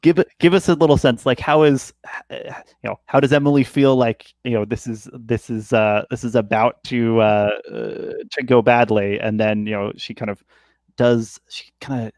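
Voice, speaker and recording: A man narrating as game master of a tabletop game, halting and full of fillers. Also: mid-range voice, steady tone, a little mellow, dry recording. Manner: rambling, halting, many fillers.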